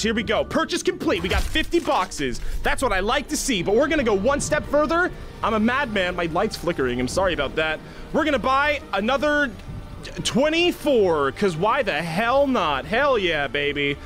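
A young man hosting a satirical gaming vlog, acting like an over-the-top hyped youtuber, then dropping into deadpan mumbles. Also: sits high, moderate pace, soft background music. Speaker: gaming video host.

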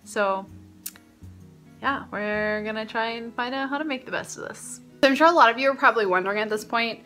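A woman's voice: on the high side, brisk, pushed and bright, soft background music. A young woman vlogging from her apartment, talking casually and rambling with self-mocking humor. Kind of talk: casual vlog chat.

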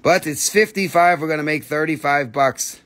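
A man's voice: fairly high pitch, normal speed, fairly bright tone. A man hosting a live crystal sale, talking in a jokey, exclamatory patter with muttered asides. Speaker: host selling crystals on a live stream. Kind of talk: live sales stream.

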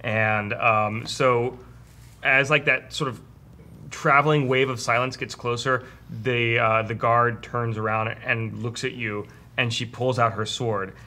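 A male game master narrates a tabletop scene in a bright, forward voice. His narration rambles and is full of fillers and restarts. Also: mid-range voice, fairly even intonation, unhurried.

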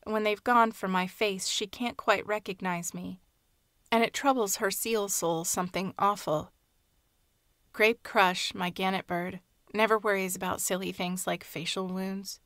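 Soft-spoken woman reading a story. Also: mid-range voice, dry recording, clean studio sound. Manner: soft, hushed, measured reading. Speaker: audiobook narrator. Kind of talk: scripted fiction narration.

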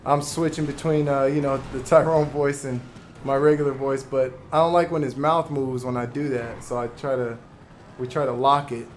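A man's voice: mid-range voice, level tone, moderate pace, a little hiss or hum. A man talking casually on a live gaming stream, explaining things to viewers with laughing asides. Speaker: streamer and content creator.

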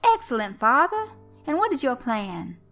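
A woman voicing a showy male host of a children's stage show, coaxing and shouting to the kids. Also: high voice, very animated, moderate pace, soft background music, pitched above the performer's own voice. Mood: hammy. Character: loud jovial male kids' show host.

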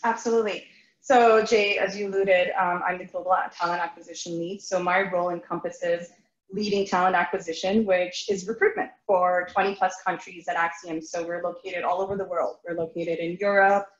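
A woman's voice: on the low side, flat delivery, brisk, roomy sound, muffled recording. A woman guest on a podcast, answering fluently and in a businesslike way, often opening with "so". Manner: fluent, businesslike, many "so" openers. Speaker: guest, recruiting lead.

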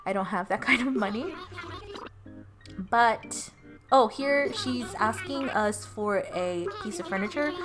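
A young woman giving casual commentary over her gameplay footage, rambling and giggling as she loses her train of thought, at home. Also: mid-range voice. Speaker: let's play gamer. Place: at home with her cat on her lap. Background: game music.

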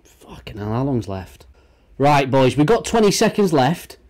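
A man's voice: medium pitch, big pitch swings, a little slow, a little mellow. A young British man hosting a reaction video, ranting with sarcastic, sweary commentary at his desk mic. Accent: British English. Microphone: desk mic, no face cam.

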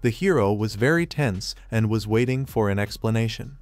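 A man narrating a manga recap in a flat, retelling manner, recounting each scene in reported speech. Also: fairly low pitch, normal speed. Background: faint music.

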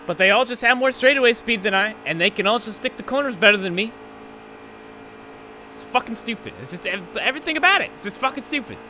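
High-pitched, bright and forceful, this man talks quickly and expressively while livestreaming a racing game. His commentary turns into a frustrated, profane rant over the roar of the game's engines.

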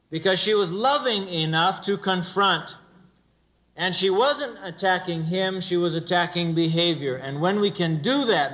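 A man's voice: on the high side, fairly bright tone. Earnest man giving a church talk. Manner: earnest storyteller who acts out quoted dialogue. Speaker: speaker at a church gathering. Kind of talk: religious talk with stories. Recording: dull lo-fi recording.

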